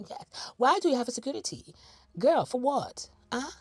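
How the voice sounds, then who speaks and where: A woman's voice: high-pitched, big pitch swings, moderate pace, no echo. A woman giving sarcastic, scolding reaction commentary on video clips, mocking and challenging the person she watches.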